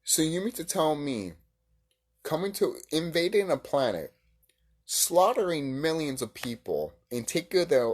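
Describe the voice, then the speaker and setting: A man making a reaction video, ranting with heavy swearing, swinging between heated outbursts and quiet musing. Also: on the high side, wildly swooping pitch, a little slow. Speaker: video creator reacting to a clip.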